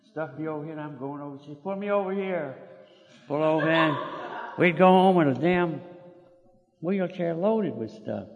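An older man, telling his own story to a group in a folksy, plainspoken way with mild cursing. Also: a little high. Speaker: speaker sharing his story. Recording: echoey hall, audience laughter far off.

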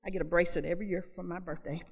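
A woman shares her recovery story with an audience, speaking candidly and conversationally while often repeating and restarting phrases. Her voice is lowish, darkish, and slightly rough, delivered rapid-fire with fairly even intonation. The long reverb of a large hall surrounds her.

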